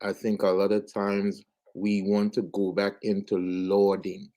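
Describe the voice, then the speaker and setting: Man, low register, unhurried, thoughtful podcast talk. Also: completely flat delivery, mellow. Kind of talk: casual podcast discussion.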